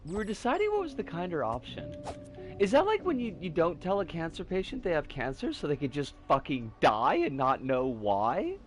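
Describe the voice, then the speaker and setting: A woman streaming a video game, swearing often as she yells at the game and rambles with her chat in between. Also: low-pitched, wildly swooping pitch, normal speed, faint music behind. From United States. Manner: swears constantly, yelps and curses at the game, then drifts into rambling chat. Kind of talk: casual live game commentary. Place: home streaming setup, living overseas.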